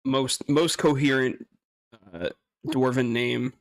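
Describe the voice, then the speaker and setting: A man's voice: mid-range voice, steady tone, takes it slowly, dry recording, studio quality. A man casually talking through a game, hesitant and rambling, laughing often and swearing now and then. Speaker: gaming streamer. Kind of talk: casual gameplay commentary.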